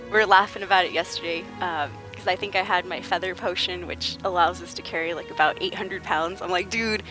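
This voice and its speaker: A woman's voice: on the low side, fairly even intonation, a little fast. A woman game streamer chatting casually with her viewers, greeting them by name and laughing often. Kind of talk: casual livestream chat. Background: game music.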